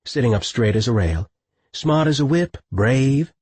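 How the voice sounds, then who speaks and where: A man's voice: medium pitch, animated, measured pace, darkish tone, breathy edge, no room sound, voice pushed up. A man voicing a teasing young female night nurse in an audiobook, coaxing and playful. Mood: bright teasing. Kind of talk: audiobook character voice.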